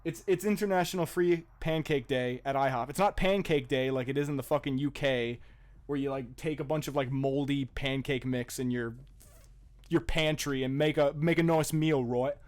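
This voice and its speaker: A young man co-hosting a podcast tells a story in casual chat, swearing freely and laughing along the way. He speaks in a mid-range voice at a moderate pace, retelling events in an animated, profane manner.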